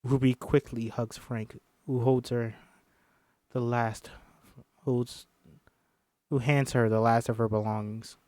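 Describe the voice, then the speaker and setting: A man's voice: mid-range voice, level tone, slow pace, pauses often, darkish tone, dry recording. A man reading a film script aloud on a stream, emotional and swearing casually between lines. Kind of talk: script read-aloud with commentary.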